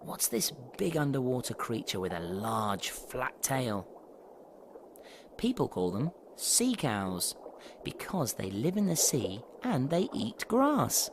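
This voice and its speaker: A man giving scripted narration about sea animals for young children, asking them gentle questions. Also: mid-range voice, sing-song, takes it slowly, background noise. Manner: warm, questioning, storybook tone.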